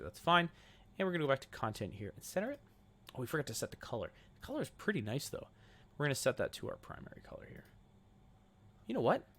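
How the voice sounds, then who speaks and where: Young man, casual tutorial narrator, lively voice with a gravelly edge. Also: medium pitch. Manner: casual, thinking aloud while clicking through settings. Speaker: web design tutor. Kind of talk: screen-recorded software tutorial.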